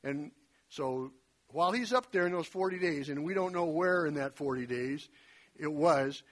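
A man preaching a sermon in a conversational way, retelling scripture with lively folksy asides and a slightly husky voice. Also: fairly high pitch, moderate pace.

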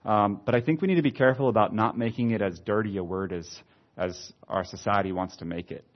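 Guy preaching thru a bible passage, reads it slow n heavy then chats about it, kinda muffled recording. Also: on the low side. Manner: reads scripture aloud with slow emphasis, then comments conversationally. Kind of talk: expository Bible teaching. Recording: slightly dull lo-fi sound.

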